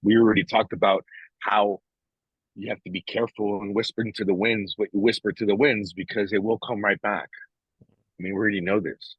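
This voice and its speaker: Low husky man talking bluntly. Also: steady tone, a little fast, dry recording, highs cut off. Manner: frank, blunt, swears freely; reflective, with many restarts. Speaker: podcast co-host. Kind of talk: casual podcast conversation.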